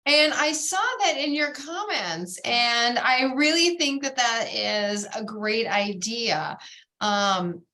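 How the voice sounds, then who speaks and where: A woman hosting a bead society's video meeting, bubbly and gushing, with lots of excited exclamations. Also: a little high, takes it slowly. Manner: bubbly, gushing, keeps saying "oh my gosh". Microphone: video call.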